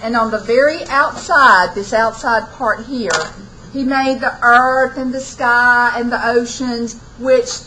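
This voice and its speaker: A woman's voice: a little high, fairly even intonation, slow, pushed and bright, slight background noise, low-quality recording. A woman lecturing a college class, retelling an old epic in folksy everyday speech and acting out the quotes. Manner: folksy storytelling, acts out quotes in casual speech. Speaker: college literature instructor.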